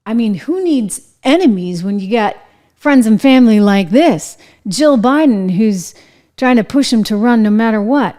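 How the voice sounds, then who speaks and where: Brief: woman host, opinionated commentary, sarcastic and indignant, slightly high voice. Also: animated, normal speed, dark tone. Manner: sarcastic, indignant, rhetorical questions.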